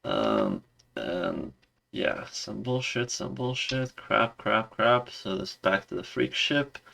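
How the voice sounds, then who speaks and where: A man's voice: fairly low pitch, gravelly, fairly bright tone. A man giving a casual, rambling review in a sarcastic, exasperated tone. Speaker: video reviewer.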